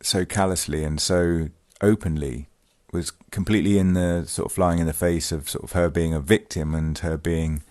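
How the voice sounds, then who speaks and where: Pitched low and steady, with a slightly mellow quality, a male channel host speaks at a moderate pace with hardly any pauses. He discusses a true-crime case on his vlog casually and uncertainly, restarting often and saying um a lot, sometimes reading from a news piece.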